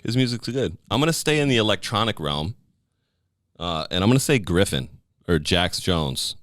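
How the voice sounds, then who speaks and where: A man's voice: on the low side, very animated, moderate pace, a bit bright, no room sound, studio quality. A male podcast host chatting casually, joking and laughing a lot. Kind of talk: casual chat.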